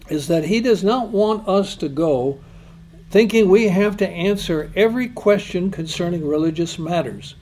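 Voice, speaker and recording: A man's voice: high-pitched, a little mellow. A man preaching a sermon, emphatic, asking rhetorical questions and quoting God and scripture.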